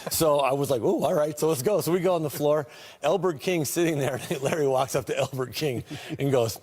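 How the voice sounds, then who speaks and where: A man's voice: a little high, a little fast. A man retelling old stories from his playing days, laughing often and slipping into quoted voices. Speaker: former teammate telling stories. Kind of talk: casual storytelling on a talk show.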